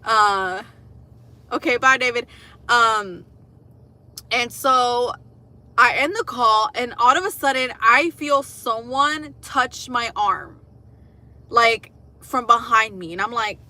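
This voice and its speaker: Bright-voiced woman telling stories. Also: a little high, slow pace, long pauses. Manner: animated, profane, laughs at her own stories. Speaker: livestream host. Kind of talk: casual livestream storytelling.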